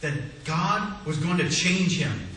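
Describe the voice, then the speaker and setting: A man's voice: big pitch swings, slow pace, a little hiss or hum. Preacher man in an echoey church. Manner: dramatic swings between loud exclamations and hushed low phrases. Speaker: pastor. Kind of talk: sermon. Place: church sanctuary. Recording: echoey church hall, mic at a distance.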